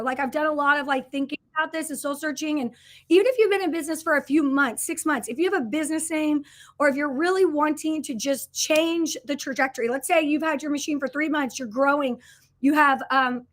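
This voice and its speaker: Earnest, chatty woman with a high voice. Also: fairly bright tone. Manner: chatty and earnest, with frequent fillers and restarts; reads and answers viewer comments. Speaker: business coach hosting a livestream. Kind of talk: casual livestream sales pitch.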